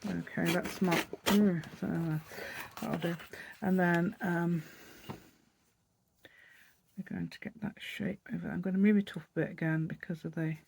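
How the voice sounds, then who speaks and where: This East Midlands woman hosts a craft channel, casually demonstrating a paper project step by step while chatting, rambling, and thinking aloud. Her lowish voice is creaky, a little mellow, and breathy-edged, with fairly even intonation at normal speed.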